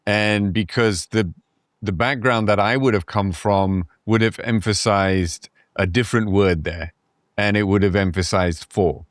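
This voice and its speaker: A man with a low voice talks in a relaxed, reflective way, laughing lightly now and then. The sound is dry and close, with no room echo. It is casual podcast conversation. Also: unhurried.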